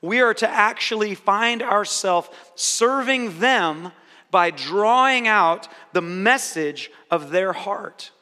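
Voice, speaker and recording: A male pastor delivers an animated sermon in a high, bright voice. He slips into voices for the people he quotes. His words ring out with a long reverb, as in a large church. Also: slow pace, clear, resonant tone.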